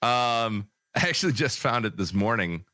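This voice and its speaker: A man co-hosting a casual gaming podcast, telling rambling anecdotes in a relaxed way. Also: mid-range voice, normal speed, no echo, studio quality. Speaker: podcast co-host.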